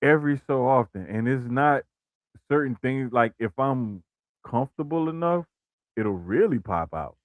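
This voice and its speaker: A man co-hosting a wrestling podcast in relaxed casual talk, full of "like" and "bruh" and frequent restarts. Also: medium pitch, moderate pace, no room sound, narrow, tinny audio. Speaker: podcast co-host.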